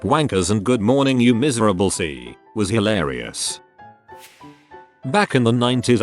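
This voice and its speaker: A man narrating a series of reader-submitted stories in a steady read-aloud style. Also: lowish voice. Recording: faint background music.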